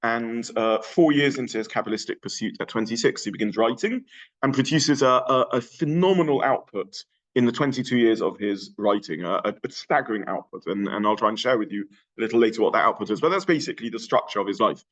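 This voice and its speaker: A middle-aged man delivers an adult education lecture in a voice of middling pitch. He talks in a thoughtful way, pausing often and restarting his sentences with plenty of fillers. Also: fairly bright tone, poor audio.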